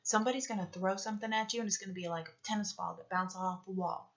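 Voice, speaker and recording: A motivational speaker leads a talk with guided meditation, coaching earnestly and repetitively and often checking in with "okay?". Her mid-range voice holds a steady tone at a fast pace, and the recording's highs are cut off.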